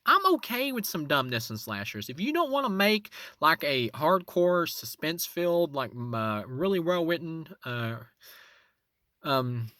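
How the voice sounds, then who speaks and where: Man, reviewer host, lively swinging pitch, bright forward tone, close dry mic, casual off-the-cuff delivery. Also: unhurried, dry recording. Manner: animated, voice jumps up high for emphasis. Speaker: movie reviewer, channel host. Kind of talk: casual spoken film review.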